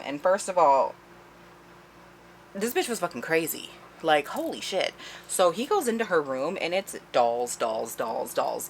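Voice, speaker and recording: A woman's voice: low-pitched, slight background noise. A woman giving a casual, chatty book review, retelling the plot with swearing and laughter. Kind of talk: casual spoiler-filled book recap.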